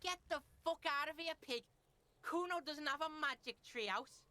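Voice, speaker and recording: A woman's voice: high voice, normal speed, bright, forceful tone, no room sound, voice pushed up. Woman doing a foul-mouthed bratty boy. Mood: taunting. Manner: crude, taunting, refers to himself in third person.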